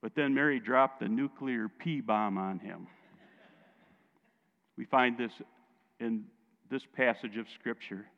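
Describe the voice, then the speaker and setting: Male pastor, gravelly voice, casual joking sermon, dull sound in a reverberant hall. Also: medium pitch, slow, pauses often.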